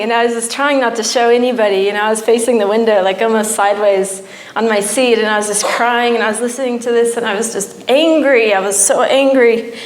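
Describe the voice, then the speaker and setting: A young church speaker shares an emotional testimony in a slightly high voice, her story at times building into pleading. The echoey church hall recording carries a little hiss or hum.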